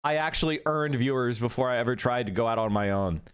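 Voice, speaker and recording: A man's voice: medium pitch, fast, clean tone. A man talking on his own stream in a clip, arguing his points sarcastically. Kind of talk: casual stream commentary.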